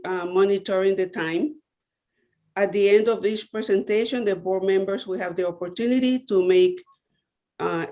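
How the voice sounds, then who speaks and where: A board chair opens a public meeting and introduces the presenters. The delivery is procedural and courteous, with a medium pitch and occasional small restarts. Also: darkish tone. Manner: procedural, polite, slight stumbles.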